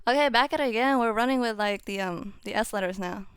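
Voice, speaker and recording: A woman casually teaching how to pronounce Japanese syllables, chatting informally and then singing the syllables out in a steady tone. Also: mid-range voice, fast, smooth, no echo. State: voice getting strained. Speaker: UTAU voicebank tutor.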